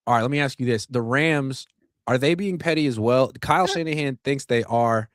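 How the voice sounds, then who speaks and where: A man co-hosting a casual sports podcast, laying out firm opinions in a steady way. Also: medium pitch, normal speed, no room sound, studio quality. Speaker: podcast co-host.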